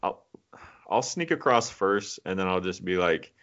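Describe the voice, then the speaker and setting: A man's voice: sits low, lively intonation, a little slow, fairly bright tone. A man in his thirties co-hosting a podcast, chatting casually in a laid-back, teasing way. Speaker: podcast co-host. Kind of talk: casual chat. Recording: dull lo-fi audio.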